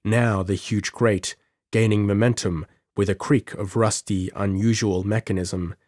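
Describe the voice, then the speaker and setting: A man narrating a pulp adventure story in an audiobook with measured, dramatic delivery. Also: lowish voice, steady tone, darkish tone, dry recording, studio quality.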